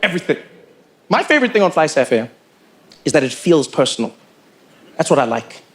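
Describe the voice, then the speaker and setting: A man doing stand-up comedy storytelling, animated and playful, slipping into quick impressions. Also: on the high side.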